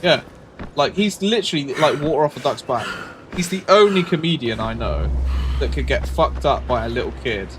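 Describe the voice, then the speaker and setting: A man, animated and swearing in casual chat as a streamer. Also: moderate pace. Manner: animated, swearing, acts out quotes with sudden high yelps. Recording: noisy background.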